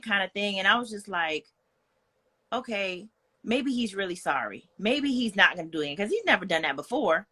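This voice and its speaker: A woman's voice: medium pitch, animated, normal speed, pushed and bright, slightly rough. A young woman, speaking as a guest in a candid, personal storytelling style, earnest and frank, with plenty of "like" and "you know".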